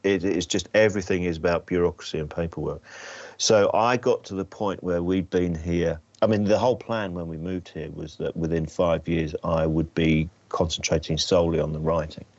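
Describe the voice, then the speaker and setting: Deep-voiced comedian telling stories. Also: male voice, fairly even intonation, normal speed, darkish tone, no room sound. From England. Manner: self-deprecating, frequent restarts. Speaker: comedian guest. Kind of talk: anecdotal interview storytelling. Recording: dull slightly lo-fi sound.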